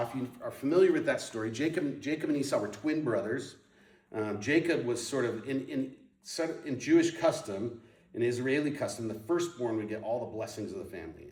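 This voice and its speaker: A man's voice: mid-range voice, darkish tone, roomy sound, far from the mic. A man sharing his personal testimony, storytelling with lots of ums and restarts. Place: moved to Portland in the nineties.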